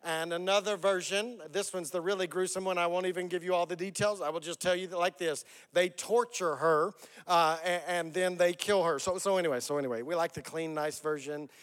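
A man's voice: high voice, fairly even intonation, fairly quick, fairly bright tone, smooth, in a large hall. A male pastor giving a sermon in a conversational, joking, self-deprecating way.

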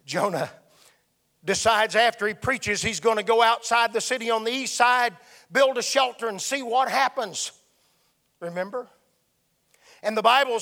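A man's voice: high-pitched, fairly bright tone. A man preaching a sermon with emphatic delivery that swells and drops. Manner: emphatic, rising and falling delivery.

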